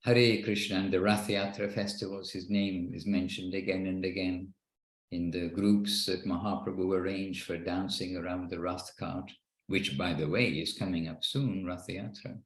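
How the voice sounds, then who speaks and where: His deep voice keeps a fairly even intonation at a moderate pace as he leads a devotional class online. Calling in by video from his home in Wexford, Ireland, he speaks earnestly, rambles, and restarts frequently, in an echoey room with poor audio.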